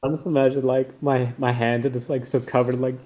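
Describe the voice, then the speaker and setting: A man's voice: medium pitch, flat delivery, quick pace, warm tone, poor audio. A man playing a tabletop game in casual chat, jokey and apologetic. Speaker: player.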